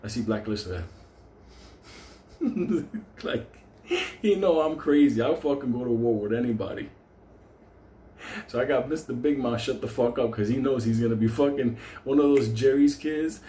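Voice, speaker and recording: A man's voice: mid-range voice, moderate pace, long pauses, dark tone, a little hiss or hum. A man, hosting a livestream and telling a story in casual, profane talk, laughing often as he goes. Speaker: stock livestream host. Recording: roomy echo.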